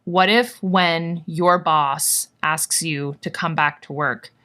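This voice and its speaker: Bubbly, rambling woman vlogger with a lowish voice. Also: steady tone, slow, sharp tone. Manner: bubbly, gushing, rambling with many fillers. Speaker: vlogger and online business coach. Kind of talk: casual live workshop chat to viewers.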